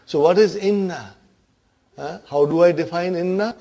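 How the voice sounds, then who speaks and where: A man's voice: high-pitched, moderate pace, warm tone. A man teaching an Arabic grammar class, quizzing his students with repeated questions.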